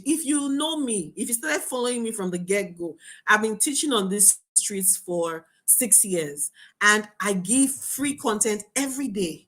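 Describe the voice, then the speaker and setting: A young adult woman teaching a marketing webinar as a coach, talking in an animated, emphatic way. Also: mid-range voice, measured pace. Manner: animated, emphatic, laughs and acts out students' voices.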